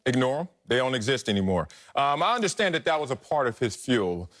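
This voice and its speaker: A man's voice: sing-song, fairly quick, a bit bright. A middle-aged man co-hosting a sports talk show, arguing emphatically and playfully. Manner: emphatic, playful, swoops high and low. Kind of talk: animated sports debate.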